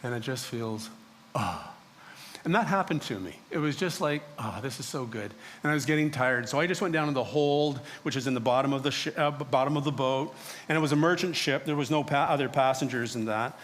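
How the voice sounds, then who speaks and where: A man's voice: mid-range voice, fairly quick, fairly bright tone. A man preaching a sermon as a first-person dramatic monologue, telling the story in character as a prophet and acting out the other voices in it. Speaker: pastor. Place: church sanctuary.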